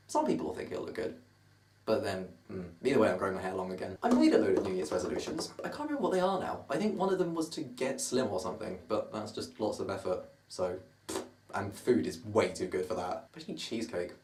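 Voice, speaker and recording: Very animated and fast, this low-voiced twenty-year-old vlogger from Surrey rambles self-mockingly to camera against a noisy background. He speaks with a southern English accent, filmed at a distance in a roomy bedroom.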